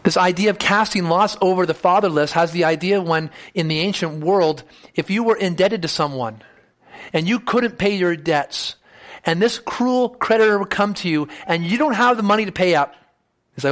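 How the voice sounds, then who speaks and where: A man's voice: high-pitched, moderate pace, fairly bright tone. A man preaching an expository sermon, reading scripture aloud and explaining it, speaking the text's lines in first person with rising emphasis. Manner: reads scripture aloud, then explains it in plain words.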